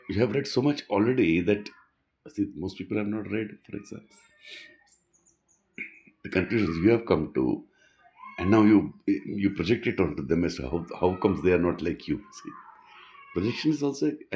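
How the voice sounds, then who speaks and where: A man's voice: fairly low pitch, a little mellow. A man giving an earnest, rambling reflective monologue, often restarting his sentences.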